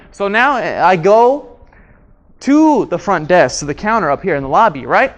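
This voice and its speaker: A man's voice: sits high, big pitch swings, normal speed. Man teaching a live workshop. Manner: questions the room, repeats key words. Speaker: communication trainer. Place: training room with audience.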